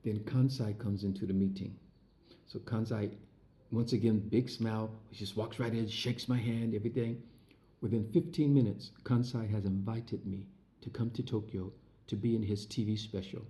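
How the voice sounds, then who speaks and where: An entertainer recounts his past in a casual spoken anecdote, his voice very dark and lowish at a moderate pace. He is an animated storyteller who acts out quoted voices, with frequent fillers and restarts.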